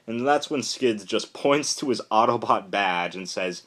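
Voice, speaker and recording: A young man giving a casual, rambling spoken review of a comic, retelling the plot excitedly with lots of fillers. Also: on the low side, takes it slowly.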